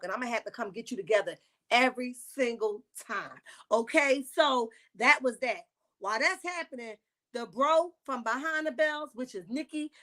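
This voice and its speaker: A woman, recapping a reality show on a casual livestream with sassy, animated asides. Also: high voice.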